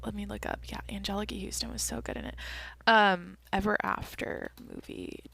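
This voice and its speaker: A woman's voice: medium pitch, huge pitch swings, moderate pace, vocal fry, sharp tone, dry recording. A young woman hosting a solo podcast, chatting casually and rambling as she thinks aloud and swears often. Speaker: podcast host.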